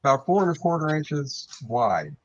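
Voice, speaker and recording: A man co-hosting a live online sale, his pitch rising and falling a lot as he points out the details of each piece. The sound is dull and lo-fi, and very dry with no room around it. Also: normal speed, no echo. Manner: lively pitch, describing items appreciatively. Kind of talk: live online sales auction.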